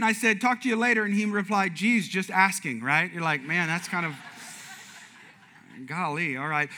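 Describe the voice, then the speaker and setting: A pastor delivers a light, joking sermon to his congregation. His voice sits high for a man and sounds very bright and sharp. He grows animated and leaps up in pitch when he acts out his stories. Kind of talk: humorous sermon storytelling.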